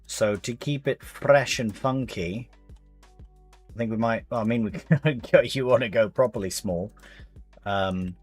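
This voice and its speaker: Man, lowish voice, chatty streamer, rambling, faint background music. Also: a little slow, breathy edge. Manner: rambling, chatty, chuckling, talks to chat as mate. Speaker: gaming streamer. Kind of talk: casual live-stream chat while playing.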